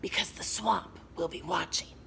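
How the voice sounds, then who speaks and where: A woman's voice: on the low side, moderate pace, creaky, sharp tone. A woman voicing a menacing, strict substitute teacher in a scratchy whisper, as whispered role-play. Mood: sly.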